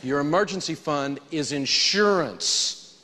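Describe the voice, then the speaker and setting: A man teaching a live personal finance lesson in a folksy, animated way, prompting the audience to answer back. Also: fairly high pitch, slow pace, in a large hall, background noise.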